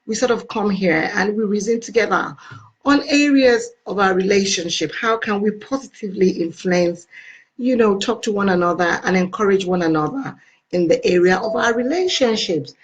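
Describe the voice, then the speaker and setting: A woman's voice: mid-range voice, normal speed, lo-fi sound. A woman with a Nigerian accent hosting a casual live stream, effusively greeting and thanking her viewers.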